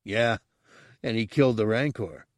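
A man voicing a wary young man who speaks quietly in a low mutter. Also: normal speed, no echo, close to an everyday voice.

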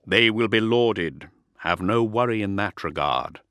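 A man playing a stern male war leader in an audiobook, giving firm, measured commands. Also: fairly low pitch, lively intonation, a bit bright, dry recording, clean studio sound. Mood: solemn.

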